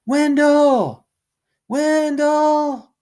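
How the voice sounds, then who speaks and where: A man's voice: high voice, big pitch swings, measured pace, darkish tone, breathy edge, voice pushed up, heavily acted. A man voicing a stubborn young boy who grows desperate and cries out, in a read-aloud storybook. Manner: pleading, crying out.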